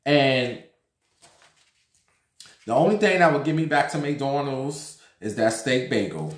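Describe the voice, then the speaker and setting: A man's voice: medium pitch, animated, slow. A man from New York with a sassy, campy, profane manner, casually chatting about celebrity gossip as the host of his own vlog. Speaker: gossip vlogger. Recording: roomy, echoey home room.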